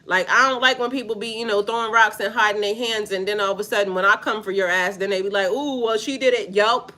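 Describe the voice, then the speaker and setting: Fast-talking with a flat delivery and a sharp tone, a woman spiritual reader speaks at a medium pitch in a casual livestream. She's blunt and profane, laughs often, and addresses her viewers' chat directly in slangy, repetitive language.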